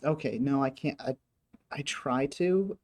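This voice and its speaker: Slow, hesitant woman streamer. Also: very deep voice, a little mellow, slight background noise. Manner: hesitant, full of ums and trailing thoughts. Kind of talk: casual chat.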